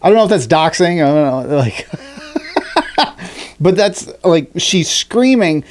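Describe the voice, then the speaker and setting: A man co-hosting a casual podcast chat, swearing freely and acting out people he talks about in shrill mock voices. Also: slow pace. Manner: animated, swearing, acts out high-pitched shrieking quotes. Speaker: podcast co-host.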